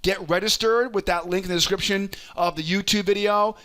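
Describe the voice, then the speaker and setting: A man hosting a trading lesson, walking through charts in an energetic, coaching way and often checking in with "right?". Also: high voice, brisk. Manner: energetic, keeps asking "right?"; coaching, urges patience. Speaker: trading educator and host.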